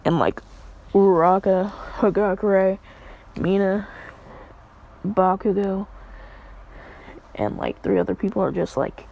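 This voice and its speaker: A woman's voice: mid-range voice, slow pace, gravelly, pauses often, mellow, poor audio. A woman casually retelling a story in a rambling way, full of fillers.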